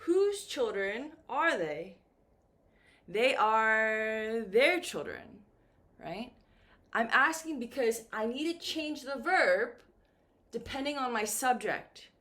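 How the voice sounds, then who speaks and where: Female English teacher, fairly high voice, very slow and animated, acts out the example lines for beginners. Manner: slow and lively, with acted-out example questions.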